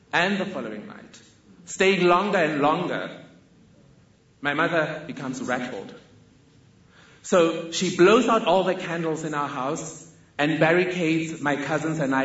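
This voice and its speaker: A woman, telling a personal story in a measured, deliberate way. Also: sits low, reverberant, muffled recording. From South Africa. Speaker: speaker telling her life story.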